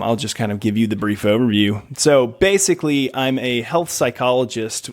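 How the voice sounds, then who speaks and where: Gravelly thirtysomething man, slight Southern twang. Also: mid-range voice. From South Carolina, USA. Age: 30s. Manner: laughs easily, self-deprecating joking. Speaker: podcast guest. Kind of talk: casual interview chat.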